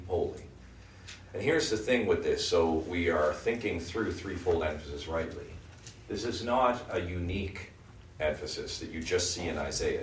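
A man leading a Bible study group, teaching and often checking in with the group by asking "right?". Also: deep voice. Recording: echoey room, mic at a distance, faint noise.

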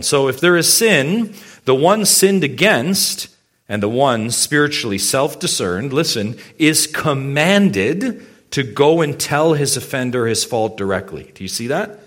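A man's voice: a little high, very animated, unhurried, fairly bright tone. A male pastor preaching a sermon. He speaks emphatically, poses many rhetorical questions and addresses his congregation directly.

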